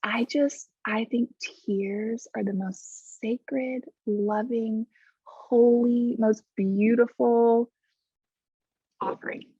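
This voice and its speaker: A woman with a gravelly, husky voice talks as a podcast guest, heartfelt and emphatic. Her audio is dry and dull, a lo-fi remote line. She presses on key words with warm conviction. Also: fairly high pitch, steady tone, very slow, no room sound. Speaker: guest, coach. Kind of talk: casual podcast conversation.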